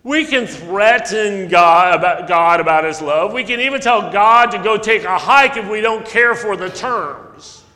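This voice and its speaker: A male pastor preaching a sermon, telling stories earnestly, with sudden loud emphasis and soft drops. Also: sits high, unhurried, few pauses. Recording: long echo of a large hall.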